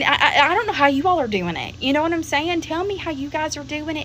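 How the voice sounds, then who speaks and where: A woman's voice: high voice, expressive, brisk, few pauses, fairly bright tone, a little hiss or hum. A woman venting to camera in an exasperated, emphatic rant, repeating herself.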